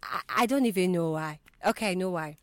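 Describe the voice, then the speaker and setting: A woman's voice: lowish voice, expressive, fairly quick, no echo. Young nigerian lady radio host, bubbly and chatty, dry close studio mic. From southeast Nigeria. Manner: bubbly, chatty, laughs often, repeats greetings. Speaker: radio presenter. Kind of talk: lively radio show chat. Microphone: studio microphone.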